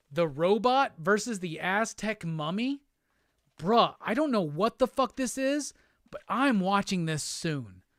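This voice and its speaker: Excitable, cursing male host. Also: high-pitched, dry recording, studio quality. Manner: excitable, profane, exclamatory. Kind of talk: casual livestream unboxing chat.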